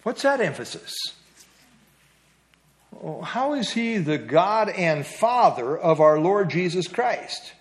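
A man's voice: high-pitched, very animated, slow. A middle-aged man teaching an evening Bible study in a conversational way, asking his listeners questions. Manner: conversational, asks the group questions.

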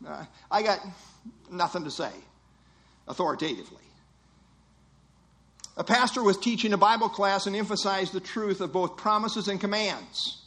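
Male preacher, higher-pitched, emphatic sermon delivery. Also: moderate pace, pauses often, a bit bright. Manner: earnest, emphatic teaching with rhetorical quotes.

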